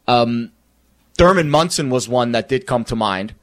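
A man co-hosting casual sports talk, earnest and halting, with many fillers. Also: medium pitch, lively intonation.

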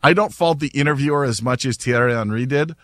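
A man hosting a sports talk show, telling a story in an animated, laughing way. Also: medium pitch, fast, no room sound. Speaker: radio talk show host.

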